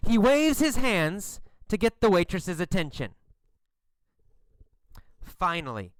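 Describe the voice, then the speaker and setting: A man narrating a short story for English learners, slow, clear and expressive. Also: high voice, no echo.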